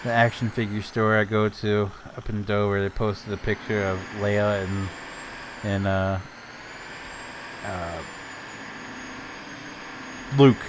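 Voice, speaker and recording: A man's voice: lowish voice, flat delivery, takes it slowly, pauses often, noisy background. A man casually chatting while he streams a game, telling rambling anecdotes and laughing often. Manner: swears casually. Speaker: gaming streamer.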